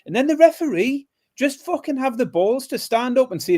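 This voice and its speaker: A man's voice: very high-pitched, lively intonation, normal speed, a little mellow. A man co-hosting a podcast, complaining emphatically and with exasperation in casual chat. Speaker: podcast co-host.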